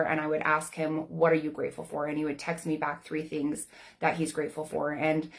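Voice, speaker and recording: Earnest woman coach, slightly low voice. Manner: earnest and candid, with casual fillers. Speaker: life coach. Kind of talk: personal talk to camera.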